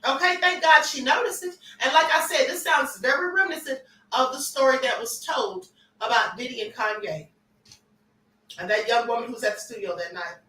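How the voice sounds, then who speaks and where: High, bright-voiced woman gossip host. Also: a little fast, reverberant, recorded from a distance, poor audio. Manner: animated, emphatic, repeats points. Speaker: livestream host. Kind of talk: celebrity gossip commentary.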